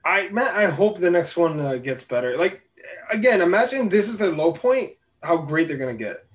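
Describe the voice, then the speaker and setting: A man co-hosting a casual movie podcast, chatty and animated, swearing freely. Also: high-pitched, normal speed. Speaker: podcast co-host. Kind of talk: casual movie review chat.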